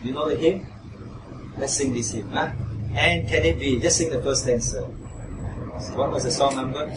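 A pastor speaks at a moderate pace in a medium-pitched voice, quizzing his congregation and raising his volume when quoting mockers. Heavy background noise fills the recording, made with a faraway mic in an echoey church hall.

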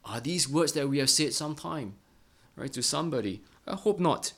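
A middle-aged man preaching a Bible-study sermon in an earnest way, often ending phrases with a quick "right?". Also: on the high side, expressive, fairly bright tone. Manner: earnest, ends many phrases with a tag question "right?".

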